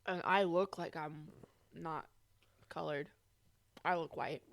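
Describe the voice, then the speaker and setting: A woman's voice: low voice, steady tone, takes it slowly, gravelly. A young woman co-hosting an unedited podcast, talking loosely and laughing as she eats. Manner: loose, rambling, laughs often. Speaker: podcast co-host. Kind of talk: unedited casual chat.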